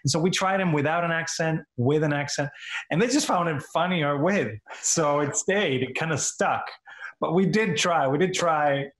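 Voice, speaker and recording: An animated man from Argentina chats as an interview guest, laughing often and restarting his phrases. His voice sits slightly high. The room around him is echoey. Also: moderate pace. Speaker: actor guest. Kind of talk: casual interview.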